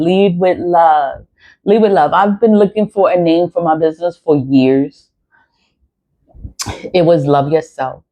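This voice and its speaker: Blunt, rambling woman on a dull recording. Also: low-pitched. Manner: repetitive, blunt, swears freely. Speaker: YouTuber and tarot reader. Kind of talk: casual rambling vlog.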